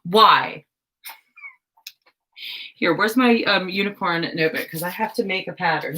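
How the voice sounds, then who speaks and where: Young woman, slightly low voice, casual craft live stream, scatterbrained, self-deprecating, giggly. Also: measured pace, long pauses, pushed and bright. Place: home craft room.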